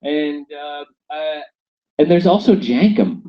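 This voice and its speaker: A man's voice: a little high, takes it slowly. A man from Saint Louis co-hosting a comedy podcast, dropping dry one-liners and laughing often, recorded inside a yurt. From Saint Louis, USA. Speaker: podcast co-host. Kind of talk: casual comedic chat. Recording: lo-fi, dull recording.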